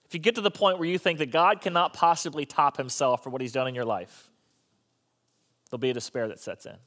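A man's voice: on the high side, fairly quick, a bit bright. A male pastor preaching a sermon in a conversational style with joking asides.

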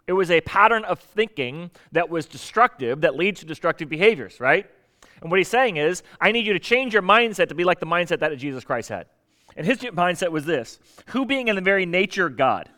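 A pastor from the Southern US preaching in a loose, conversational sermon. His voice sits a bit high for a man, and he swings between punchy emphasis and low, dry asides. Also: lively intonation, a little fast, bright, forceful tone.

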